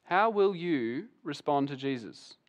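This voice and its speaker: A man preaching a sermon as pastor, animated and acting out the voices of Bible figures. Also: fairly high pitch, unhurried.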